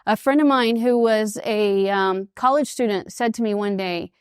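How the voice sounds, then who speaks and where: A woman's voice: mid-range voice, normal speed, clean tone, no room sound, clean studio sound. A woman in her fifties with an East Texas accent, giving a presentation and telling stories that she acts out in different voices. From United States. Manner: lively storyteller who acts out quoted voices. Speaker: speaker at an international school. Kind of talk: presentation talk to an audience.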